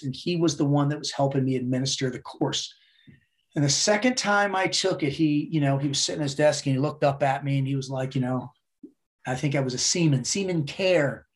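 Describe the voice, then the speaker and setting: A middle-aged man from the United States, a podcast guest, telling his story in a blunt, profane, animated way. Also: mid-range voice. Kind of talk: casual storytelling interview.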